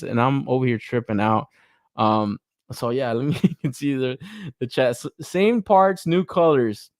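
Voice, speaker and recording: A man talks casually and profanely, sounding incredulous and laughing often. His pitch sits a little high and swings widely. The sound is dry and close, with no room around it. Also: dry recording. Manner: blunt, incredulous, laughs often, mocks others' hype in exaggerated voices. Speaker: podcast co-host reviewing action figures.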